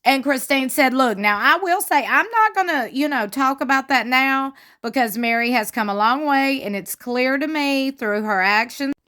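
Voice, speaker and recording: A woman giving chatty, gossipy commentary on a reality show, retelling what was said with lively emphasis. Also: sits high, moderate pace, hardly any pauses. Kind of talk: casual commentary.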